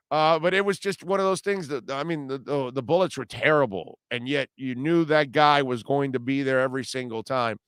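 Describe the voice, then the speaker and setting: Blunt, bright-voiced male radio host. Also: medium pitch, clear, resonant tone, dry recording, studio quality. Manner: blunt, ranting, casual slang. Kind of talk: opinionated talk radio monologue.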